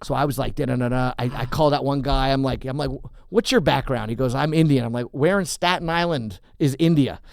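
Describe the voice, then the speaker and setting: A man hosting a comedy podcast in a studio, chatting with an animated, storytelling delivery and a middle-pitched voice. He keeps slipping into goofy voices for his jokes. The sound is dry and close, with no room around it. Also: fast talker, vocal fry, hardly any pauses, clean tone, dry recording. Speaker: podcast host. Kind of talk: casual comedic chat.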